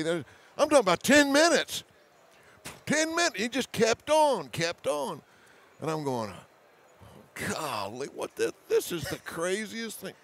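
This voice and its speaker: A man telling a hunting story as a guest, animated, laughing often, with hurried restarts and repeated words. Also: high voice, creaky. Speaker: hunting show host as guest. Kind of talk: storytelling in conversation.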